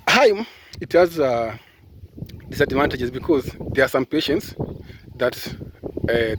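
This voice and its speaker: A man's voice: medium pitch, slight background noise. A man from Kenya talking casually on a vlog, rambling with lots of fillers and restarts as he gives advice, filmed outdoors on a phone held at arm's length. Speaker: caregiver vlogger. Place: outdoors in sunshine. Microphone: phone camera at arm's length.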